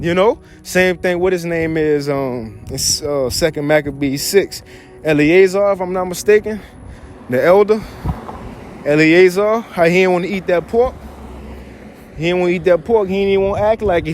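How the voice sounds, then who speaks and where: High-pitched male bible teacher, slangy and animated, reads verses and riffs on them. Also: normal speed, faint music behind. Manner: reads verses aloud, then paraphrases in loose slang; animated, chuckles often. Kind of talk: casual scripture teaching.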